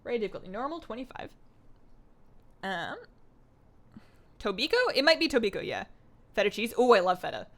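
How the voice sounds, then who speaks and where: Her voice sits a little high and moves through wide pitch swings, fairly quick but broken by long pauses. She's a young Greek-heritage woman streaming a game, casually rambling as she reads out and answers her viewers' comments.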